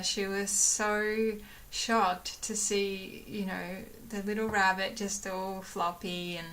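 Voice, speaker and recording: A woman's voice: medium pitch, pushed and bright. A young woman chatting casually to her camera at home, rambling with many fillers and acting out what others said. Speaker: vlogger.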